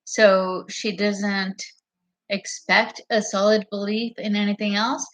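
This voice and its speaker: A woman's voice: mid-range voice, level tone, slow pace. A woman vlogger talking to her camera in a meandering, profane monologue that often loses its thread. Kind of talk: rambling casual monologue to camera. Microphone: camera mic.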